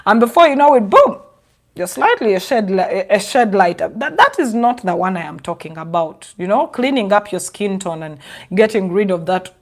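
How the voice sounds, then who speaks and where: A woman's voice: mid-range voice, very animated, moderate pace. A young woman from Uganda, a vlogger giving sarcastic casual commentary with a lot of laughing.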